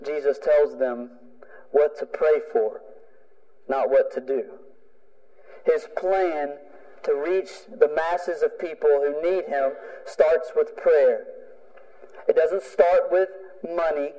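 A man's voice: a little high, fairly even intonation, takes it slowly, long pauses, mellow. A preaching man in a reverberant hall. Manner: emphatic preaching with repeated phrases. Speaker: pastor. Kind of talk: sermon.

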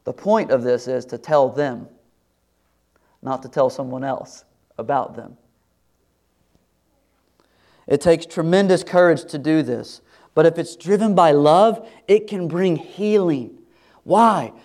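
A middle-aged man preaching a sermon to his congregation in a conversational way, sometimes dropping to a soft, confiding tone. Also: a little high, unhurried, pauses often. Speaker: pastor.

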